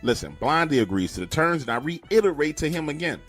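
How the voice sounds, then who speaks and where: A man telling a story in a dramatic, animated way and acting out the quotes. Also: on the high side, a little fast, few pauses, faint music behind. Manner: dramatic, lively, acts out quotes.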